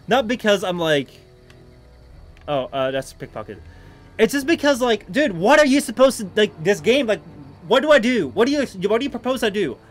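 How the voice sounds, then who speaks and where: A young man livestreaming a game, swearing freely, with loud frustrated outbursts and rambling, filler-heavy asides. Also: high-pitched. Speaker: streamer. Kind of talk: live gaming stream commentary.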